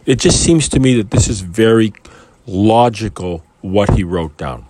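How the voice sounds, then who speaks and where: A man's voice: fairly low pitch, lively intonation, measured pace, mellow, no echo. A man reading scripture and commenting on it in a casual, rambling way, full of asides and restarts. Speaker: Bible teacher.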